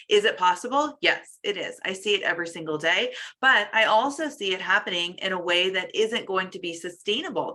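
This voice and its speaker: A woman's voice: mid-range voice, pushed and bright. A woman coach hosting a weight loss show, giving encouraging advice in a casual, conversational way with frequent fillers. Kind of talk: casual motivational talk.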